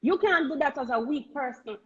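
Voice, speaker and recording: A woman's voice: sits high, animated, fairly quick, dull audio. A woman with a Jamaican accent, a guest talking candidly and earnestly, often stumbling and repeating words as she makes her point. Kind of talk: candid conversational talk.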